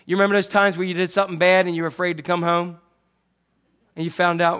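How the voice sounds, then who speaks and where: A man delivers a sermon in a high, lively voice. He acts out quotes loudly, then drops to soft, hushed asides. He talks like a pastor chatting with his congregation. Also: quick pace, smooth. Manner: animated, swings from loud acted quotes to soft hushed asides.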